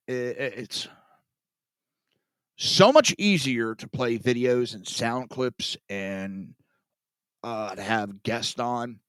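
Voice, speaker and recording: A man hosting a political commentary podcast, sarcastic and profane, sighing and swinging between loud outbursts and mutters. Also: mid-range voice, clean tone, dry recording. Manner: sarcastic, profane, self-mocking. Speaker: podcast host.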